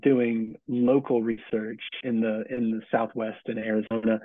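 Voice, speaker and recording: Middle-aged man, author guest, halting speech, dry close sound, tinny phone-like audio. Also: lowish voice, flat delivery, no echo. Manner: halting, many restarts and fillers, laughs easily. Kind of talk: casual interview answers.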